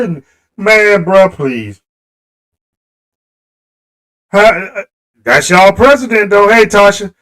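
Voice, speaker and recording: Fired-up high-voiced man ranting on a livestream. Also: measured pace, a bit bright, rough recording. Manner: impassioned, talks straight to viewers. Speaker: live stream host. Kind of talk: livestream political rant.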